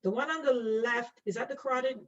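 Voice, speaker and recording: Her voice is a little high and brisk: a nursing instructor drawing during an online lecture. She playfully quizzes students by name and laughs at her own drawing. Audio comes across as distant and dull, lo-fi.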